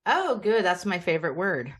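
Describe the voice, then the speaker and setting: A woman's voice: fairly low pitch, very animated, moderate pace, slightly rough. An American woman with a Philadelphia accent, chatting as an interview guest and rambling easily. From United States. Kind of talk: casual interview chat.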